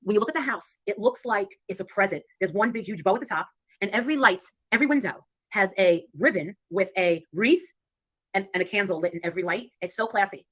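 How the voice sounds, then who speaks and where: A woman's voice: mid-range voice, brisk, no room sound. A woman hosting a casual livestream, telling stories with brash, profane humor and frequent laughter. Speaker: livestream host.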